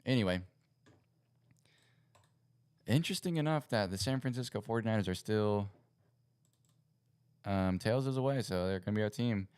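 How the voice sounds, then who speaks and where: Young male host with a low, resonant voice, chatty and self-correcting on a home livestream. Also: moderate pace, long pauses, darkish tone, smooth, no room sound. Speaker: podcast host. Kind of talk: casual livestream chat. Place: home setup at a computer.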